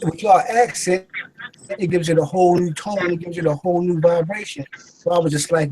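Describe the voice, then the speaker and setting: A man chatting casually, musing in a relaxed way and often restarting his sentences. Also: high voice, a little fast, a crowd in the background, rough recording. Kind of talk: casual group chat.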